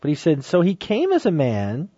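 A man's voice: a little high, huge pitch swings, moderate pace, warm tone, no echo. A man giving an emphatic Catholic teaching talk on a saint's sermon, exhorting listeners and reading passages aloud. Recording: dry, dull lo-fi sound.

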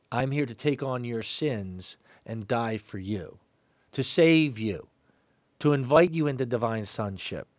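Earnest middle-aged man, sermon-style talk, emphatic then hushed, dry studio sound. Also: mid-range voice, no room sound. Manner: earnest, emphatic, swings between loud and soft. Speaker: Catholic radio host. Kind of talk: spoken reflection, sermon-like.

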